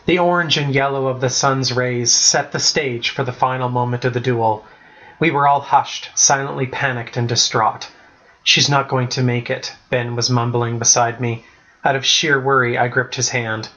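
A man reads a novel aloud for a podcast in a steady, measured way. His voice sits at a middling pitch, and the recording is slightly dull and lo-fi. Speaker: narrator. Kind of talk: audiobook reading.

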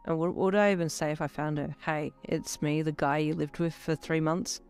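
A reader voicing a tired, withdrawn young man who talks in a low, deadpan way. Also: moderate pace, smooth, faint music behind, natural voice.

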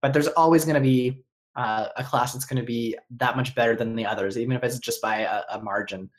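A man co-hosting a casual gaming podcast, explaining his point in a measured way. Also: medium pitch, steady tone. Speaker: podcast co-host.

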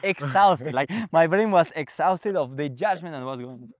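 Halting, animated man with a dry sound. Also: fairly high pitch, dry recording. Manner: animated, halting, frequent restarts and fillers. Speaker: guest sharing a spiritual experience. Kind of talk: casual storytelling conversation. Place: ashram.

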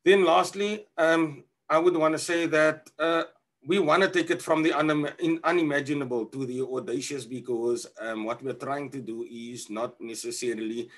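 A man giving an online conference presentation over a video call, talking haltingly with many fillers and restarts, from South Africa. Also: on the high side, steady tone.

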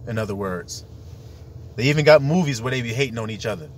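A man's voice: mid-range voice, lively intonation, fast talker, slight background noise. A man preaching in an emphatic, rambling monologue, full of rhetorical questions.

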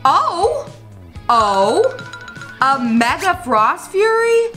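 A bubbly woman talks her viewers through game-play in a high voice that swoops up and down all the time, breaking into squeals and gasps. Music plays clearly behind her. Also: big pitch swings, very slow. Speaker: gaming channel host. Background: background music.

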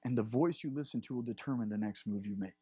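A man's voice: mid-range voice, fast talker, warm tone, slightly rough, no echo. Man, thirties, pastor, impassioned sermon, confessional, dry close sound. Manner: impassioned, confessional, laughing asides.

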